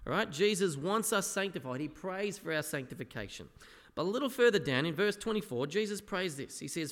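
A man preaching an earnest sermon as a pastor, often dropping to a soft, quiet voice. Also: sits high, animated, normal speed. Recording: echoey hall with long reverb.

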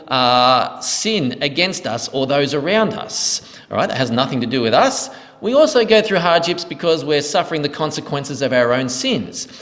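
A man's voice: on the high side, a bit bright. A man leading a question-and-answer teaching session as pastor, explaining answers earnestly. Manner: earnest, explanatory, thanks each asker. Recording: reverberant hall.

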